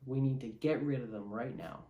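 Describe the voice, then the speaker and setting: A man's voice: mid-range voice, brisk, dark tone, echoey room, lo-fi sound, close to an everyday voice. A man voicing a tormented young male Jedi knight in an offhand, casual tone. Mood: cold.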